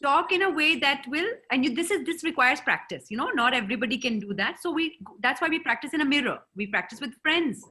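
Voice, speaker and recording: A woman gives a lively, encouraging seminar talk and quizzes her listeners. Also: sits high, fast, few pauses. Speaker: seminar speaker and trainer. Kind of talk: interactive talk to an audience.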